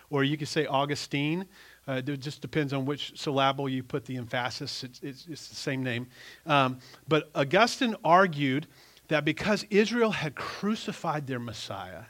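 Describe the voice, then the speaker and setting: A middle-aged male pastor preaching a sermon, emphatic and animated, often restarting his sentences. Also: on the high side.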